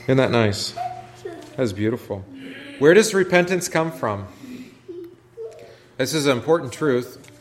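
A man's voice: medium pitch, animated, unhurried, pauses often. A man, a pastor, teaching a Bible study class in a conversational way and asking the group questions. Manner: conversational, asks questions, many restarts.

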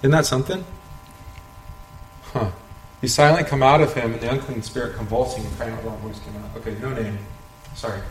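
A man's voice: medium pitch, fairly even intonation, fairly quick, long pauses. A man leading an informal Bible study, talking conversationally, asking rhetorical questions and chuckling often. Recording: roomy echo, faint background noise.

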